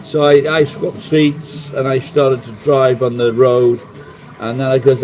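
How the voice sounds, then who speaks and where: A middle-aged Sheffield man hosts a casual livestream, rambling through sweary stories and chatting with viewers. His medium-pitched voice is flat, unhurried and a little mellow, with soft music behind it on a rough recording.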